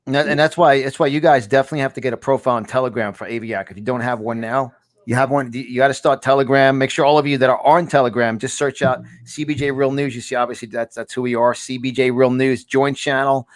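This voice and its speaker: A man hosting a talk podcast, speaking excitably with many restarts and repeated words. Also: mid-range voice, fast, dry recording, clean studio sound. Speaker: podcast host. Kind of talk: casual talk show chat.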